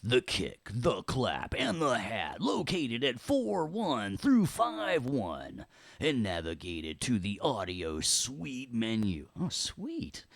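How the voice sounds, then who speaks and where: Low gravelly guy teaching audio software, goofy and chatty, cracks dad jokes. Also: no room sound. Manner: playful, joking, chatty with corny puns. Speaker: audio production instructor. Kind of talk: casual software walkthrough lesson.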